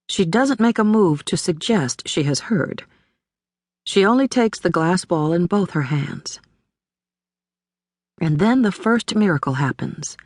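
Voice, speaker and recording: A woman narrating a literary audiobook in a measured, deliberate way, recorded on a close studio mic. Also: on the low side, lively intonation, darkish tone, no echo.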